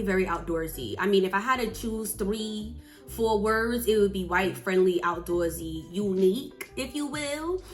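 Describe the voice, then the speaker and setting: Young woman, from New Jersey, casual vlog storytelling, animated, faint background music. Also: mid-range voice. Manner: chatty, animated, acts out quotes. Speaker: vlogger.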